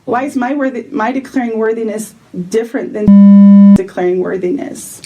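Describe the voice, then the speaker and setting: A woman's voice: on the high side, fairly even intonation, normal speed, phone-quality sound, faint music behind. A woman in a church meeting, speaking firmly and directly and pressing her questions. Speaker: church member. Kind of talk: tense meeting conversation.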